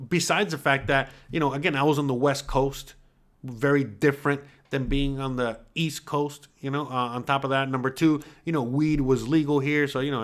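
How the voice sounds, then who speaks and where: A man in his forties hosting his own show, talking bluntly and casually with lots of swearing and filler tags. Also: mid-range voice. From United States. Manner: blunt, profane, animated with filler tags like "all right?". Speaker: podcast host. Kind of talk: casual livestream talk reading chat comments.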